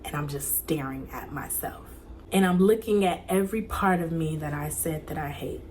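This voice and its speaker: Earnest lower-voiced young woman testifying. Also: moderate pace, a little hiss or hum. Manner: earnest, repetitive, emphatic storytelling; drops to soft near-whispers when reliving prayers. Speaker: vlogger. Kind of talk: personal faith testimony.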